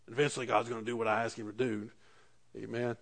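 A man's voice: medium pitch, level tone, fast talker. A pastor preaching a sermon, reading scripture aloud and then driving his points home with rising emphasis.

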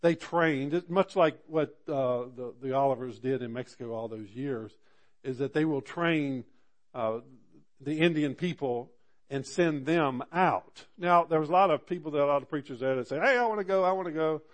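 A man's voice: mid-range voice, moderate pace. A man delivers a sermon as a personal story. His tone is earnest and conversational, and it swells into fervent emphasis on key points. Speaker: pastor.

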